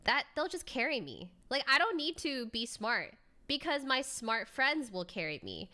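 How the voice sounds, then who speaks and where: Bright-voiced young woman streamer. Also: high-pitched, big pitch swings, normal speed. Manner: chatty storytelling, laughs often, casual swearing. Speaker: streamer reacting to a video. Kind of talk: casual chat.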